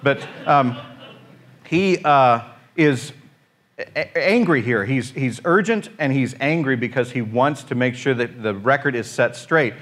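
A man's voice: medium pitch, unhurried, a bit bright. Joking man preaching a casual sermon. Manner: informal, joking, with many fillers and restarts. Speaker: pastor. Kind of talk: conversational sermon.

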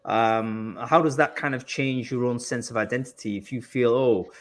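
A man's voice: medium pitch, normal speed. Chatty British podcast host man. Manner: chatty, lots of fillers and restarts, animated. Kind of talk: live podcast discussion.

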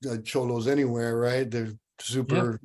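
A male voice actor as a guest on a podcast, chatting in a relaxed, profane way and laughing easily. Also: mid-range voice, normal speed. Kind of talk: casual podcast chat.

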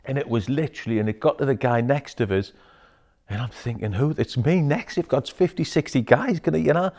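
A man telling a personal story in casual talk, swearing freely and dropping to a hushed whisper when quoting others. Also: mid-range voice, animated, fairly quick.

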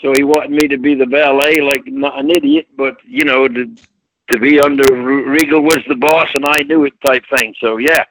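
A man's voice: medium pitch, steady tone, moderate pace, fairly bright tone, a little hiss or hum, poor audio. A Scottish-born man, a former wrestler, telling stories in a plainspoken, folksy way as a guest on an interview show. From Scotland. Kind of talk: casual storytelling interview.

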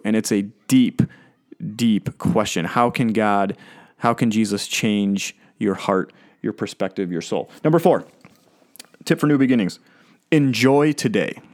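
A man's voice: lowish voice, animated, a little slow, long pauses, a little mellow. A man preaching a sermon in a conversational, earnest way, with light laughter as he talks. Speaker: pastor.

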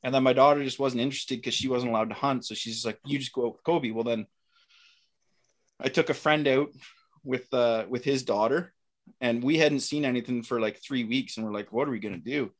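Speaking briskly in a mid-range voice, a middle-aged man shares a hunting story as a guest. His telling is casual and animated, and he performs the quoted lines of everyone involved.

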